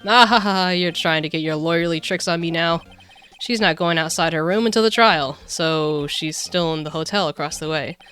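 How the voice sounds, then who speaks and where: A woman's voice: fairly low pitch, moderate pace, a bit bright, clean tone, close to an everyday voice. Woman doing a folksy detective guy saying pal. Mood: teasing. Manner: folksy, calls people pal. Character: gruff friendly male police detective.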